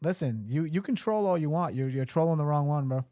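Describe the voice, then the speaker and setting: A man's voice: fairly high pitch, lively intonation, fairly quick, mellow, dry recording, clean studio sound. A man running for mayor, talking bluntly and emphatically on a live show. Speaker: mayoral candidate guest.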